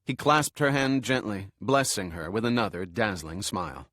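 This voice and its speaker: Steady male audiobook narrator. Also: fairly low pitch, moderate pace, few pauses, no room sound, studio quality.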